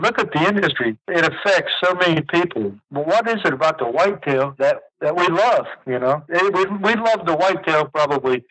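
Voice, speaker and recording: A man's voice: fairly high pitch, fairly bright tone, rough recording. A man hosting an interview, asking questions with enthusiasm. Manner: enthusiastic questioner, brief affirmations. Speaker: podcast host. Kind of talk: casual interview.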